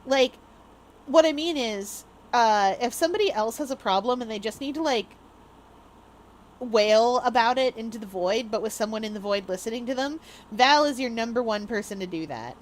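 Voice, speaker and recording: A woman's voice: a little high, lively intonation, normal speed. A woman streamer talks casually to her chat. She is bubbly and rambling and breaks into laughter often. Her voice sits a little above the usual.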